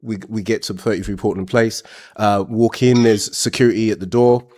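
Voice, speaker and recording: A man's voice: fairly low pitch, steady tone, moderate pace, a little mellow. A man hosting a show, telling a frank personal story in a blunt, rambling, casual way.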